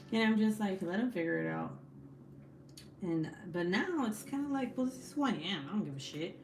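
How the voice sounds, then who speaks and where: A young woman chats casually while crafting on a home livestream, blunt, full of swearing, and quick to laugh. Her medium-pitched voice has lively intonation and a moderate pace with frequent pauses. The echoey room carries slight background noise.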